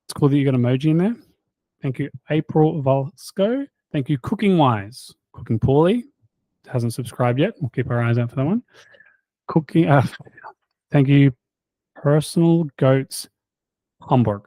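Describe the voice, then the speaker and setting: A man's voice: mid-range voice, animated, a little slow, long pauses, dark tone, no echo. A man hosting a health channel in casual chat, reading out a list of subscriber names with jokes and stumbling over the harder ones. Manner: jokey, stumbles over hard names with quips. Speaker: health coach and channel host.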